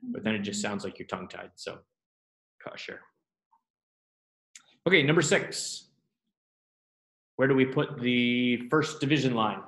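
A man teaching a Hebrew grammar class, talking students through the exercises with relaxed, self-deprecating asides and quick questions. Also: mid-range voice, reverberant. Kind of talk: classroom lesson.

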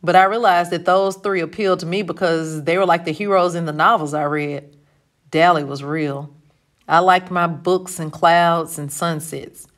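A woman narrating a novel in the first person for an audiobook, telling it in a steady, lightly expressive way. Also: lowish voice.

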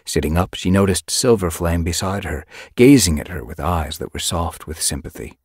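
A man with a deep, slightly husky voice reads an audiobook in an expressive storytelling style. His delivery swings widely in pitch, and the studio recording is dry and close. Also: normal speed, no echo. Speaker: audiobook narrator. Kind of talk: scripted narration.

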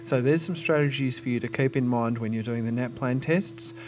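A man's voice: medium pitch, fairly quick, over music. A man, a teacher patiently explaining test strategies to students and thinking aloud with small restarts.

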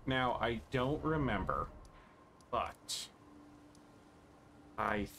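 A man's voice: mid-range voice, drawn-out words, a little hiss or hum. A man casually commenting over a video game playthrough, joking and swearing as he plays. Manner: joking, profane, excitable. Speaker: let's play host.

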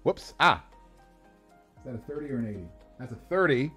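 A man's voice: mid-range voice, very animated, fairly quick, a bit bright, breathy edge, faint music behind. A man running a casual livestream as game master, rolling dice to build characters, talking to viewers with enthusiasm and frequent laughter.

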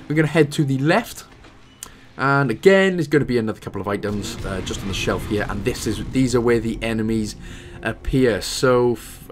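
Casual, chatty commentary runs over this video game walkthrough, voiced by a Welsh man in a mid-range register. Along the way he adds apologetic asides that poke fun at himself.

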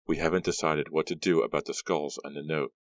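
A man with a deep voice, reading an audiobook, voicing a sarcastic, sharp-tongued teenage girl. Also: little pitch movement, a little fast, dry recording, studio quality.

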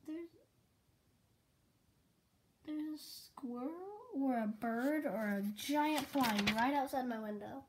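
A woman retelling her own comic saga in a loose, rambling way, stringing events together with constant "and then" and "he's like." Her voice sits a little high. A noticeable hiss runs under the whole recording. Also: takes it slowly, long pauses. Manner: rambling, full of "and he's like" quoting. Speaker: storyteller recapping her homemade comic series. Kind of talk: casual rambling story retelling.

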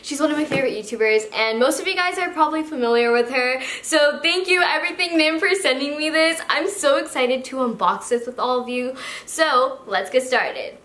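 Young woman, high bouncy voice, gushing unboxing chatter, echoey room. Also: brisk, few pauses, fairly bright tone. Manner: gushing, gasping, many "like" fillers. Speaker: slime YouTuber host. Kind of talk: excited unboxing vlog. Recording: echoey room with faint noise.

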